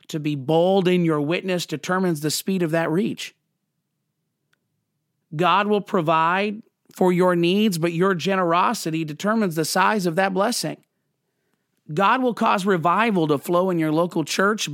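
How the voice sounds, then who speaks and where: A man's voice: fairly high pitch, a bit bright, dry recording, studio quality. A man who is a pastor, giving sermon-style teaching in an earnest, direct way with touches of humor.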